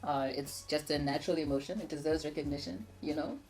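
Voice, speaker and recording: Low-voiced woman, frank and playful. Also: level tone, quick pace, darkish tone, soft background music. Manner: frank and playful, laughs often. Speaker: co-host. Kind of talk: casual chat over a meal.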